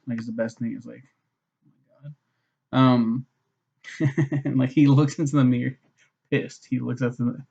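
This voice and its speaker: A man's voice: mid-range voice, creaky, mellow, breathy edge, lo-fi sound. A man giving a casual, rambling book review, swearing freely and filling his talk with "like" and "um". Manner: swears a lot, many fillers, mocks posh voices.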